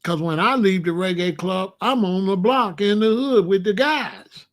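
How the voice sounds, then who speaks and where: High-voiced man telling street stories. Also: measured pace. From Chicago. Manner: animated, slangy street-talk storytelling. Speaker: commentary host. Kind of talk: opinionated storytelling monologue.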